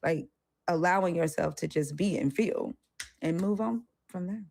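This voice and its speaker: A woman's voice: on the low side, moderate pace, gravelly, darkish tone, no echo. A woman co-hosting a casual discussion, candid and profane, often acting out the voices of people she quotes. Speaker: co-host.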